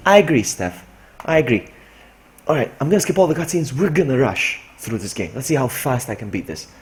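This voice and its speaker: A man's voice: mid-range voice, sing-song, a little fast. A man, streaming a game and talking himself through it while greeting chat. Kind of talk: live gameplay commentary. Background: game music.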